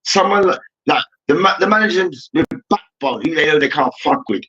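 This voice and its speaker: A young man rants through a heated sports debate, swearing and calling out "hear me now" again and again. His voice sits high and sounds bright and sharp. The recording is dull and lo-fi. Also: lively intonation, a little fast. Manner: ranting, profane, repeats "hear me now". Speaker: debate show host.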